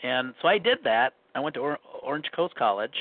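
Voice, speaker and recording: A man's voice: mid-range voice, big pitch swings, a little fast. Brief: man, faint Minnesotan accent, rambling anecdotal storyteller, phone-line sound. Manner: rambling, self-correcting storyteller. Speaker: guest recalling his life. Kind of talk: casual conversation. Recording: phone-like narrow band.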